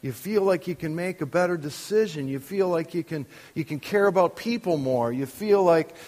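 A man's voice: a little high, moderate pace, hardly any pauses, a little mellow, big-room sound. An older man preaching as a pastor, conversational and full of questions to the congregation. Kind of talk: sermon. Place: church.

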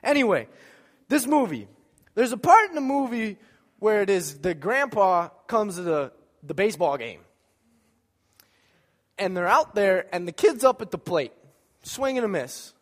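A male pastor delivers a sermon in a lively storytelling manner. He jokes with the congregation and slips into voices to act out the scenes. His slightly high voice rings through a church with a long reverb. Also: measured pace, pauses often. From American Midwest. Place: church sanctuary.

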